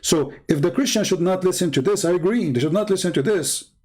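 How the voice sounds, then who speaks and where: A man with a high-sitting, slightly mellow voice speaks briskly as the host of his own channel. His monologue is blunt, scornful, and combative.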